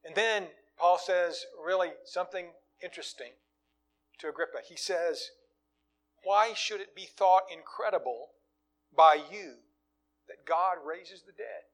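A man preaching a sermon, swinging from loud, emphatic lines to quiet, low asides. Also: unhurried.

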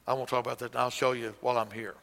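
This music lesson with singing features a man whose mid-range voice is level, very fast, creaky, and fairly bright. He instructs song leaders on beating time, explaining conducting while counting aloud and breaking into hymns to mark the beats. The recording carries long hall reverb.

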